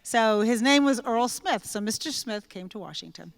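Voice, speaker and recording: A woman guest author telling lively anecdotes in an onstage conversation, acting out what people said. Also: fairly high pitch, normal speed, gravelly, in a large hall. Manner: lively anecdotal storyteller who acts out quoted speech.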